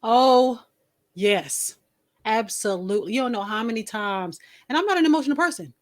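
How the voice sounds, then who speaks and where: A woman's voice: fairly high pitch, expressive, moderate pace. A woman co-hosting a podcast, speaking in a blunt, emphatic and dismissive casual chat. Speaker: podcast co-host.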